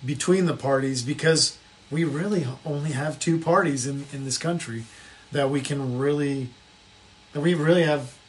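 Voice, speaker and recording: A man co-hosting a casual political chat podcast, speaking in a measured way that hedges and repeats itself. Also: fairly high pitch. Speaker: podcast co-host.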